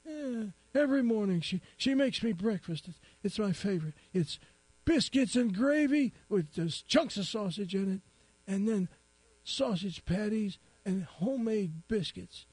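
A man playing a quavering old man, high and stammering. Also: expressive, darkish tone, breathy edge, no echo, exaggerated voice. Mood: boasting tearfully. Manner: halting, stammering, boastful. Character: very old man, tearful and rambling.

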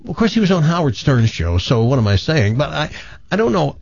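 A man's voice: on the high side, sing-song, a little fast, vocal fry, a little mellow, husky, no echo, lo-fi sound. A man hosting a talk radio show, chatting opinionatedly with his co-hosts and taking callers. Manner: opinionated, chatty, self-correcting. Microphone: studio microphone.

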